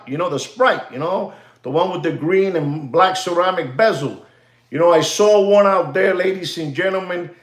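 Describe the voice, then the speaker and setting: A man hosting a live show, talking in animated, repetitive fashion and slipping in Spanish phrases. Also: high voice, echoey room. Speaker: host of a live watch market show. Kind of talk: rambling live-stream commentary.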